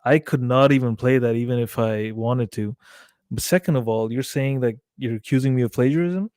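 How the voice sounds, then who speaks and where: A man chatting as a podcast guest, telling a story with animated quoted dialogue and frequent swearing. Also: medium pitch, fairly quick, no room sound, clean studio sound. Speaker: guest musician. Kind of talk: casual podcast chat.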